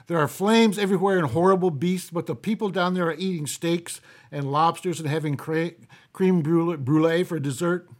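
Here a male podcast co-host with a slightly high voice, talking at normal speed, runs through some casual jokes. He keeps it folksy and relaxed, laughing softly between each one.

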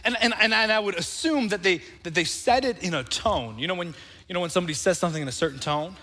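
A man's voice: sits high, quick pace, pushed and bright, long reverb tail. A man preaching a sermon as pastor, talking conversationally and calling on the congregation to answer back.

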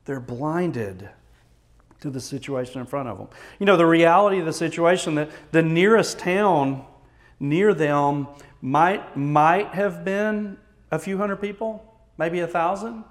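Texan pastor preaching an earnest sermon. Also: male voice, fairly high pitch, measured pace.

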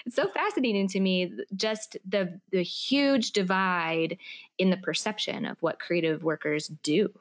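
A woman's voice: fairly low pitch, unhurried. Chatty laughing woman podcast host. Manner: animated storytelling, laughs often. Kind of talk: casual chat.

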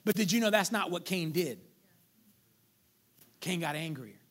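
Preaching as a pastor, a man with a high, expressive voice talks a little slowly. His delivery moves between loud highs and quiet dips, and he performs quoted voices in chatty asides.

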